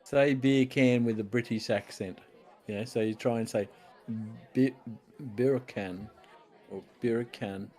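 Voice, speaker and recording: An easygoing man co-hosting a casual pub chat about home brewing, joining over a video call. He talks in a relaxed way and laughs readily, with faint crowd murmur behind. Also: medium pitch, moderate pace, soft background music. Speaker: podcast co-host.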